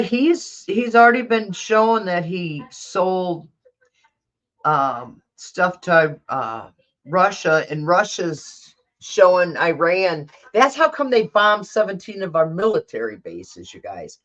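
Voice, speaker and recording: A woman host chatting in a slow, unhurried way with a low voice that swings widely in pitch. She talks bluntly and profanely, rambles, and coughs now and then. The sound is dull and muffled. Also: fairly bright tone. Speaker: tarot channel host. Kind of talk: casual livestream chat.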